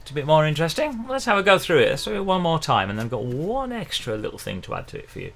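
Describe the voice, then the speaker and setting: A man's voice: on the high side, big pitch swings, quick pace, creaky, a bit bright. A middle-aged man, teaching ukulele in a chatty, encouraging livestream lesson, counting in the beats. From England. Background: faint ukulele playing.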